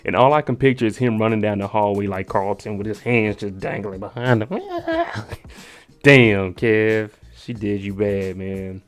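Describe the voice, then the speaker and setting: A man hosting his channel, giving an animated, slangy, casual recap of a TV episode and laughing often. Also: lowish voice, moderate pace, few pauses.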